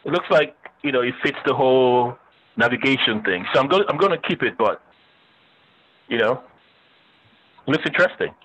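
A man's voice: mid-range voice, expressive, moderate pace, pauses often, a bit bright, husky, highs cut off. A man teaching a web design class, chatting and thinking aloud as he demonstrates on screen, with the odd joke for his students. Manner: joking with students. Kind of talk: casual screen-share lecture.

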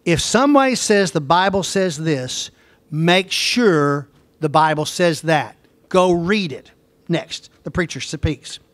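A man's voice: fairly high pitch, animated, takes it slowly, no echo. A man teaching a Bible lecture in an emphatic way, repeating points and asking his class pointed questions.

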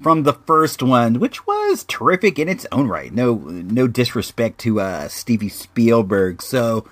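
A man hosting a podcast in casual chat, halting and often repeating his words as he rambles. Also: mid-range voice, huge pitch swings, dry recording. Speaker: podcast host.

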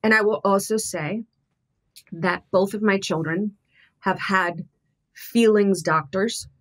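A woman's voice: medium pitch, fairly bright tone. A middle-aged woman, a podcast guest, talking candidly and thoughtfully with frequent restarts. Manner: earnest, thoughtful, halting with restarts.

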